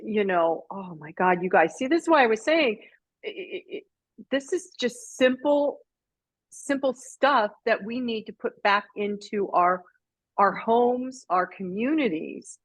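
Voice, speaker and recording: A woman's voice: medium pitch, animated, unhurried. A woman hosting an interview show who reacts to her guest with effusive, emotional exclamations. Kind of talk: casual conversation.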